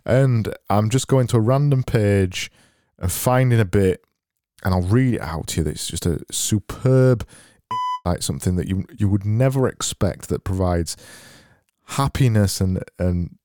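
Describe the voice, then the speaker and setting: A man hosting a solo comedy podcast, rambling deadpan and mocking himself, into a boom-arm mic. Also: measured pace, dry recording, studio quality. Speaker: podcast host.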